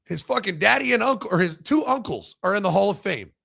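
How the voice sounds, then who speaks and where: A man talks sports in a casual podcast chat, blunt and profane. His voice is high for a man, gravelly and husky, and it swings up and down as he argues his points. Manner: blunt, profane and animated, with quick restarts.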